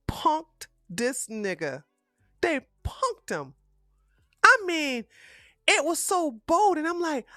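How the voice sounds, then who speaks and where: A man's voice: very high voice, pushed and bright, dry recording, clean studio sound. A man reacting to a protest video with incredulous, profane commentary, repeating himself for emphasis.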